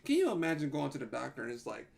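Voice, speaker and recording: A man's voice: mid-range voice, rapid-fire, gravelly. A man hosting a livestream, reacting to a video in a casual, exasperated way. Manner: animated, exasperated, says bruh a lot.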